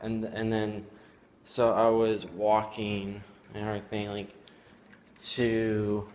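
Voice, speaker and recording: A teenage boy telling a personal story at home, rambling and halting with many fillers. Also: on the low side, little pitch movement, darkish tone, a little hiss or hum. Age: teens. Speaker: student vlogger. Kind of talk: casual storytelling.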